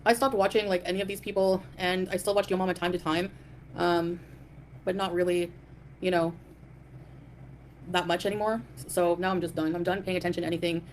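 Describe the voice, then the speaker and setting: A woman's voice: on the low side, level tone, fairly quick, long pauses, slight background noise. A woman hosting a live stream, ranting in a defiant, dismissive way and greeting chat viewers. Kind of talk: casual live stream rant.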